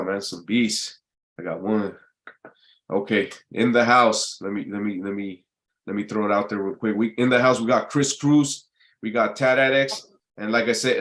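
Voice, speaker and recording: Rambling, swearing man hosting a live stream. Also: medium pitch. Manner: rambling, repeats words, swears casually. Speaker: host of a live online talk show. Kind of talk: casual live-stream monologue.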